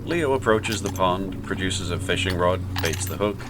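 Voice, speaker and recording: A man narrates an audio drama in a low, measured voice, with loud music underneath. He sounds composed and steady. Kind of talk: scripted narration.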